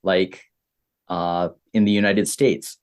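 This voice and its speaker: A Canadian man teaching beginner English, repeating simple phrases with many pauses. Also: sits low, fairly even intonation, clear, resonant tone. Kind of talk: slow, simple explaining for beginner learners.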